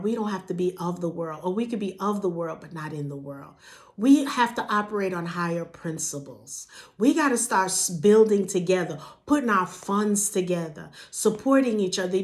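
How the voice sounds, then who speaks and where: A woman from New York hosting a passionate monologue to camera, in casual vernacular, firing off repeated rhetorical questions. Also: a bit bright. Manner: casual vernacular, sudden jumps in pitch. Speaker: vlog host.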